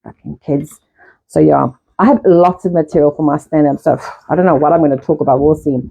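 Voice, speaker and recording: A middle-aged woman hosting a casual live stream, talking fast in a rambling way and swearing often. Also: deep voice, steady tone, noisy background. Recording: dull lo-fi live-stream audio.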